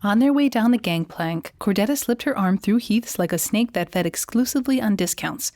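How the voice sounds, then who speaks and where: A woman narrates a fantasy romance audiobook at a measured, even pace in a mid-range voice. The recording is close and dry, with no room sound. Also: mid-range voice, no room sound. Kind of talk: scripted narration.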